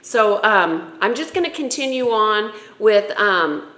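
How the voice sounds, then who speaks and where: A woman's voice: medium pitch, lively intonation, slow pace, fairly bright tone, echoey room. A woman spiritual coach giving a heartfelt, emotional talk about the soul, tearful at times.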